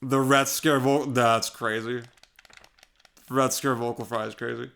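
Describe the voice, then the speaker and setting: A man's voice: medium pitch, fairly even intonation, unhurried, creaky, fairly bright tone, clear, resonant tone. A young man with a Californian-sounding American accent, chatting casually while streaming a game, rambling, trailing off and swearing often.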